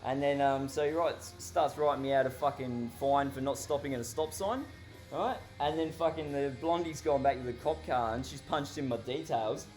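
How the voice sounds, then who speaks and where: A man's voice: medium pitch, normal speed, a little mellow, faint music behind. An Australian man telling a story casually, rambling and swearing constantly, often laughing. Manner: heavily profane, rambling, laughs while telling.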